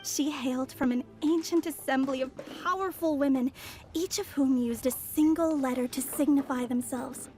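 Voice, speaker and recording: A woman voicing a mysterious young female witch's apprentice in a video game, measured and softly sly. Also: high-pitched, faint music behind, close to an everyday voice. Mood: poised.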